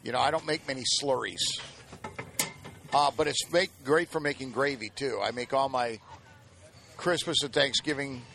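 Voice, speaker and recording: A man's voice: mid-range voice, moderate pace, creaky, pauses often, bright, forceful tone, slight background noise. A man co-hosting a cooking show, joking and rambling with many fillers. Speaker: co-host. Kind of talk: casual cooking show banter.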